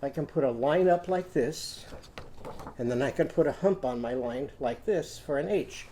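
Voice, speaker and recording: A man teaching a phonics lesson to young children, telling a story in a gentle sing-song way and leading chants and hand motions. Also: medium pitch, animated, normal speed. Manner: leads call-and-response chants and hand motions.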